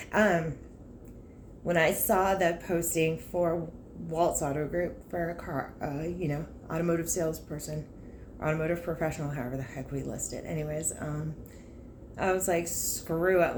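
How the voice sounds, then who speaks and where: A woman's voice: on the low side, unhurried, slight background noise. A woman, a car salesperson talking candidly and emotionally about her work in a casual vlog. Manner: candid and emotional, with laughs and frank asides. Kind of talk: casual personal vlog talk.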